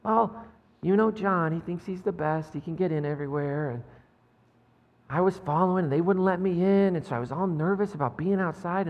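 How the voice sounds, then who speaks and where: A man voicing an anxious, ashamed male disciple who talks haltingly and doubts himself, recorded with a long hall reverb. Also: high voice, a little mellow. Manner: halting, flustered, self-doubting.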